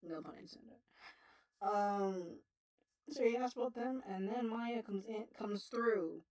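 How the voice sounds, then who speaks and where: A woman's voice: medium pitch, slow pace. Woman streamer, loose profane rambling chat, slightly distant mic. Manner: rambling, profane, laughing often. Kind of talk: casual livestream chat.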